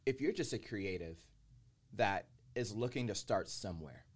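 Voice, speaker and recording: A man hosting a podcast, encouraging and affirming, asking his guest questions in a relaxed chat. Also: on the low side, moderate pace, breathy edge. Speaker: podcast host. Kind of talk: casual podcast conversation.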